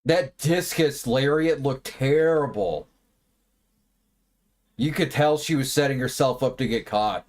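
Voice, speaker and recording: A man's voice: mid-range voice, a little slow, pauses often. A man giving casual, wry live commentary while watching wrestling, swearing now and then. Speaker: watch party host.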